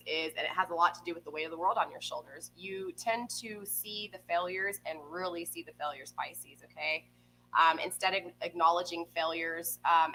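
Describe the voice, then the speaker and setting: Tarot reader, woman, chatty with viewers, low-set voice with a bright edge. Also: a little hiss or hum, poor audio. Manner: chatty, keeps checking in with "okay?" and "right?". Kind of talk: live tarot reading to viewers. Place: home room with a pet nearby. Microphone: desk microphone.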